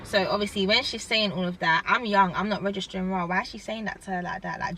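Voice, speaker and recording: A young woman, telling a storytime in a rambling, animated way and saying "like" often. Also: medium pitch, fast talker, husky. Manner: animated, rambling, heavy use of "like". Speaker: vlogger. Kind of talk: casual storytime chat.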